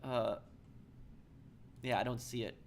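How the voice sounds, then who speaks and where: Halting male streamer reading chat. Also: medium pitch, steady tone, creaky, slight background noise. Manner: halting, repeats words, reads chat aloud. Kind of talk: casual live-stream chat.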